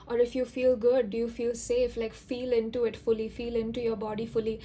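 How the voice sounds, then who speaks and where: A woman talks softly through a tarot reading, her fairly high voice staying level and even as she reassures her listener. Her manner is earnest and gentle, full of little fillers. A faint hiss sits under the recording. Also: fairly quick. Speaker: tarot reader. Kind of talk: intuitive tarot reading to camera.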